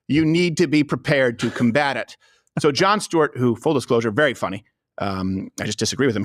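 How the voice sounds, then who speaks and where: A man's voice: medium pitch, fairly bright tone, no room sound, clean studio sound. A man hosting a political comedy talk show, emphatic and mocking. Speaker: host.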